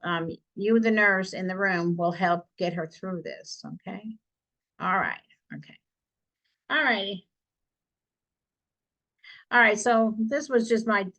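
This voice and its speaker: A woman's voice: medium pitch, fairly bright tone, rough recording. Woman nursing instructor reviewing for an exam. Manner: conversational, frequent "okay?" check-ins.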